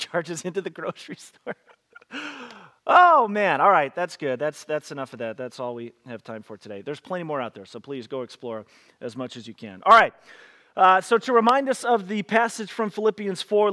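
A pastor delivers a relaxed online sermon in a slightly high voice. He talks in a chatty, joking way and laughs between readings. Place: church, streamed online.

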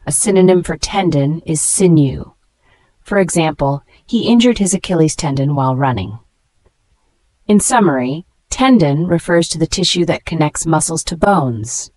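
Lady reading a vocab lesson, low voice, spells every word, says great job a lot. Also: no echo. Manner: steady, spells words letter by letter; slows down to pronounce each word. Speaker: English vocabulary teacher.

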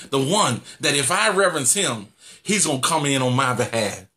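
A man pastor preaching an animated sermon, repeating phrases and laughing as he goes. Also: mid-range voice, moderate pace.

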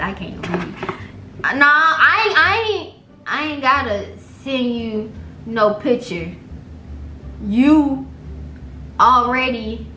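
A woman's voice: on the high side, sharp tone, slight background noise. A young woman vlogging, chatting animatedly and dramatically to viewers in slangy casual talk while reading her texts aloud. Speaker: vlogger pranking her boyfriend. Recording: echoey room, faint music.

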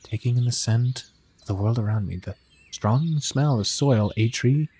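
A man's voice: medium pitch, normal speed, mellow, a little hiss or hum. A man hosting a let's play, reading a visual novel aloud and commenting casually, swearing a lot in a laid-back, rambling way.

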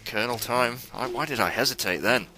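A young man commentating a stealth video game for viewers, excitable and swearing as he plays. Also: medium pitch, fairly quick. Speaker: gamer playing a stealth game. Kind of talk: let's play commentary. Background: game music.

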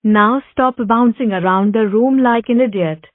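A woman's voice: a little high, measured pace, no echo, phone-quality sound, close to an everyday voice. Synthetic woman as a stern cartoon mother cat. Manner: scolding, flat.

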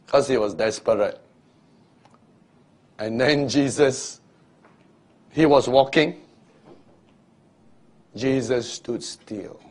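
A man preaching a sermon and telling stories, acting out the scenes, with loose grammar. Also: mid-range voice. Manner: storytelling, acting out scenes with shifting voices; loose non-standard grammar.

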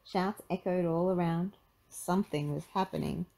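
A woman reading a children's picture book aloud in an expressive storytelling manner. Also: on the low side, normal speed, creaky, low-quality recording.

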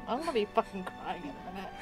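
A woman streams a let's play of her game, her commentary emotional, full of swearing and laughing asides. She speaks quickly in a medium-pitched, sing-song voice, with music playing in the background.

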